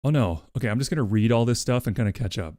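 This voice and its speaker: A man's voice: medium pitch, very fast, darkish tone, no echo, studio quality. A man streaming, chatting casually and thinking aloud about his story plot. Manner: rambling, thinks aloud with fillers. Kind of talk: casual livestream chat.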